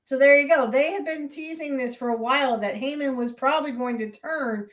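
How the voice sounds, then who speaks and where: A woman's voice: high-pitched, a little fast, fairly bright tone. A woman co-hosting a wrestling podcast in casual chat, acting out wrestlers' lines in mocking asides.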